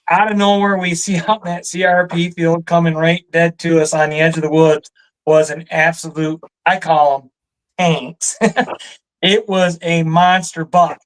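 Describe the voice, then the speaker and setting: A man with a Michigan accent telling a hunting story in a relaxed chat, animated and laughing often. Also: high-pitched, rough recording. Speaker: guest storyteller. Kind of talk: casual storytelling.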